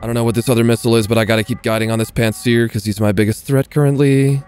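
A man's voice: mid-range voice, little pitch movement, racing, a little mellow, clean tone. A man giving casual, swearing gameplay commentary as he plays, talking half to himself and half to viewers. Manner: muttering, swearing asides to viewers. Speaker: gaming video creator.

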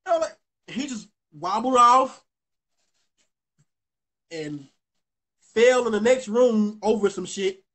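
With a fairly bright, highish voice and lively intonation, a young vlogger speaks slowly and pauses often. His storytelling to viewers is casual, rambling, and profane, with frequent restarts.

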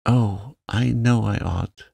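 A man's voice: fairly low pitch, slow pace, vocal fry, warm tone, slightly rough, dry recording, pitched above the performer's own voice, exaggerated voice. A man voicing a young, frightened upper-class mother, breathless and pleading. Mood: frantic.

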